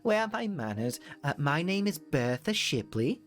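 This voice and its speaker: A man's voice: high-pitched, huge pitch swings, measured pace, faint music behind, voice pushed up, heavily acted. A man voicing a kind, doting woman in her seventies, with a wobbly put-on British accent, for a tabletop game. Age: 70s figure. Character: kind, doting old woman with white hair.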